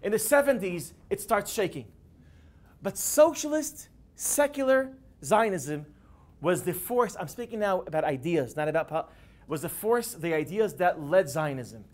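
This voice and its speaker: A man giving a classroom lecture, animated and building to emphatic peaks. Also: high voice, measured pace.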